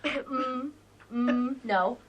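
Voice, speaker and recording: A woman psychologist instructing parents and coaching a child, encouraging, with short repeated praise and filler pauses. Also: high-pitched, muffled recording, music in the background. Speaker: psychologist running therapy sessions.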